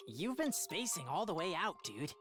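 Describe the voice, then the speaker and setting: A laid-back young classmate with a lively, bouncing delivery, as a woman reads him out in a game. He talks in casual, offhand slang and sounds soft, with faint music behind. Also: lowish voice, moderate pace, voice pushed down. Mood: teasing. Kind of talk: reading a visual novel aloud.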